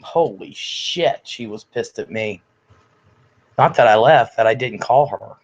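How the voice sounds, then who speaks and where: With a fairly low, slightly rough voice and a somewhat slow pace, an older man reads viewer comments on his casual home livestream. He's blunt, talkative, and swears without restraint, his voice a bit congested from illness, captured in slightly dull lo-fi audio.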